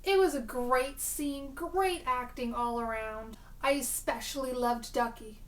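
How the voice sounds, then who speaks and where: Chatty young woman reviewing TV, high voice. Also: a little slow, few pauses, distant mic. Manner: chatty, sarcastic, excitable. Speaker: TV episode reviewer. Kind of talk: casual video review.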